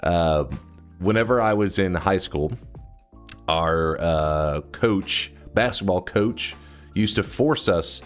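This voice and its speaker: A man in his thirties chatting on a live stream, rambling and swearing, with sudden loud outbursts at his chat. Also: low voice, unhurried, faint music behind. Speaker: livestreamer.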